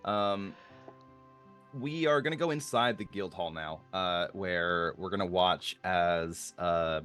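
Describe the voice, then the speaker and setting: A man running a tabletop game as game master, narrating in a halting way with many fillers. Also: low voice, fairly bright tone, clear, resonant tone, soft background music.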